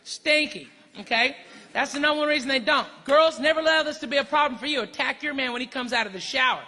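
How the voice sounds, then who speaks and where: Brash stand-up comic, high voice. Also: male voice, fast, pushed and bright. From Arkansas, US. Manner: brash, profane, punchy delivery with crowd work. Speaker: stand-up comedian. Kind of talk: stand-up comedy set. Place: large comedy venue with live audience. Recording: reverberant live hall with crowd laughter.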